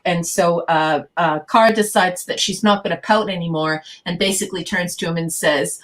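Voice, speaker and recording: A woman's voice: fairly low pitch, steady tone, moderate pace, hardly any pauses, a bit bright. A woman co-hosting a podcast, recapping TV scenes in a chatty way and laughing often. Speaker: podcast co-host. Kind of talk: casual chat reviewing a TV episode.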